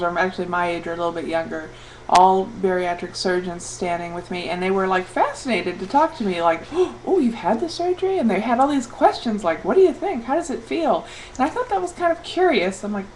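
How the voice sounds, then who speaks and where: A chatty, upbeat woman in middle age rambles through a casual vlog update with plenty of ums and uhs. Her pitch sits in an ordinary middle range. A faint background hiss runs under the camera-mic recording. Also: low-quality recording. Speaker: vlogger.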